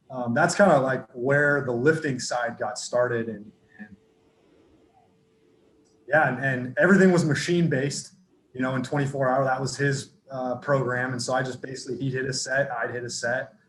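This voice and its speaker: A man from Northern California, a football strength coach telling his story casually in a podcast interview, relaxed and rambling with lots of fillers and restarts. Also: mid-range voice, slight background noise. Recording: echoey room with faint ambience.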